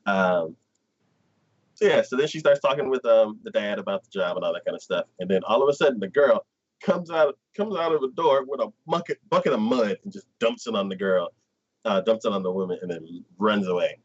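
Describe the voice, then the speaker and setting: A man on a casual livestream, walking through a story with a lively, swooping voice that climbs high when he imitates characters. The sound is dull and lo-fi, like compressed stream audio. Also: fairly quick, husky. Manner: animated plot retelling, acting out characters in quotes. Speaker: anime podcast host.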